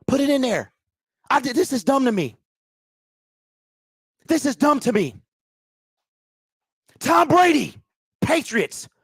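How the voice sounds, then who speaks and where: A man's voice: very high-pitched, slightly rough, no echo, studio quality. A man hosting a postgame fan call-in show, ranting in a heated, exasperated way and repeating himself.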